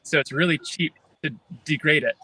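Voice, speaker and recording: A young man on a video call, an earnest filmmaker thinking aloud in a halting way during a livestream Q&A. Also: on the high side, pushed and bright, slightly rough, dry recording, rough recording. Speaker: filmmaker guest.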